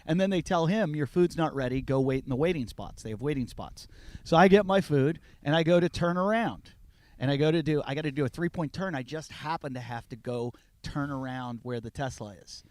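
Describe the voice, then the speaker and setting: A man's voice: a little high, fairly quick, no echo. A man telling a story on a podcast in a casual way, acting out the people in it. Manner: animated, acts out the people in his story. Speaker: podcast guest.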